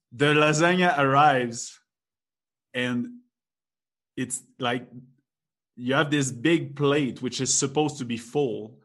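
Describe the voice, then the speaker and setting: A man's voice: medium pitch, fairly bright tone. Chatty young man. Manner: rambling, laughs often, many restarts. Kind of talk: casual chat.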